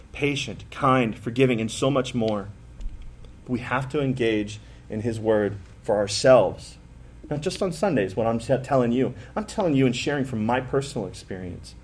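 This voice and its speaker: A man's voice: medium pitch, darkish tone, slightly rough. A middle-aged man, a pastor, preaching a sermon in a conversational, self-deprecating way with emphatic bursts. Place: church sanctuary.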